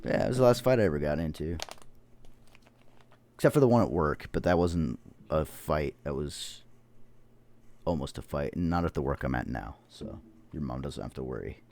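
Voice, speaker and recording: A man's voice: extremely low pitch, expressive, normal speed, creaky, pauses often, a little mellow, a little hiss or hum. A man in his thirties, a podcast host, telling rambling stories in casual chat and swearing often. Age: 30s. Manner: rambling storytelling, heavy swearing.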